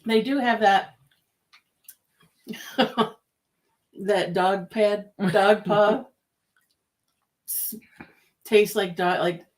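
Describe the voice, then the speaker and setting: A woman's voice: medium pitch, fairly even intonation, drawn-out words, pauses often. A woman co-hosting a snack tasting show, chatting playfully and often breaking off mid-word. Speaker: snack review show co-host. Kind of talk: casual chat tasting snacks.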